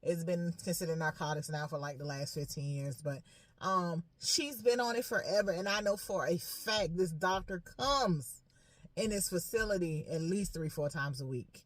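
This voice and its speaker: A young adult woman nurse, chatting and ranting to camera in a lively, frank way. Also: lowish voice, moderate pace, dry recording. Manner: chatty, animated, says "y'all" and "honey". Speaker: nurse and vlogger. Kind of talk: casual rant to camera.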